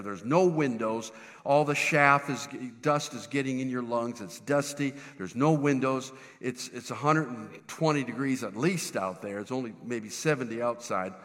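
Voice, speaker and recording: Animated preacher telling a story. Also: male voice, mid-range voice, big-room sound. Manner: animated, self-deprecating, stumbles and restarts. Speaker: pastor. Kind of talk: humorous sermon storytelling. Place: church sanctuary.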